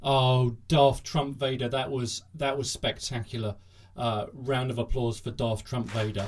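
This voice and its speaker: A man's voice: medium pitch, steady tone, moderate pace, noisy background. Sarcastic man hosting a comedy news show. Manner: sarcastic, jokey, bursts into mock cheering. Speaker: host. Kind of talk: satirical news monologue.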